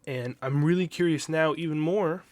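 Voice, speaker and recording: A man giving a casual, enthusiastic manga chapter review, rambling and recapping the plot with quick quoted lines. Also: on the high side, darkish tone, no echo. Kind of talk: casual solo review commentary.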